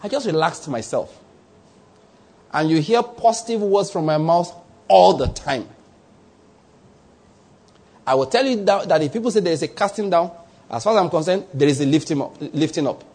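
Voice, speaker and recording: A man's voice: on the high side, lively intonation, normal speed, pauses often, a little mellow. A man preaching a sermon, posing rhetorical questions to his congregation. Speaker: pastor.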